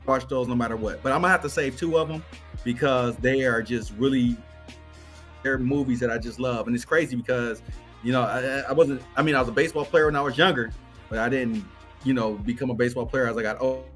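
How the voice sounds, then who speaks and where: A man's voice: mid-range voice, fairly even intonation, fast talker, fairly bright tone. A man co-hosting a sports show, rambling casually with many restarts as he talks about the movies he loves. Music plays faintly underneath. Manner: rambling, full of restarts, laughs easily.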